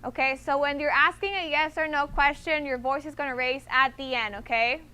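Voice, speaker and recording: High, bright-voiced woman teaching a class. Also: steady tone, moderate pace. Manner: patient, repeats "okay?" to check understanding. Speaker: Spanish teacher. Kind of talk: classroom instruction.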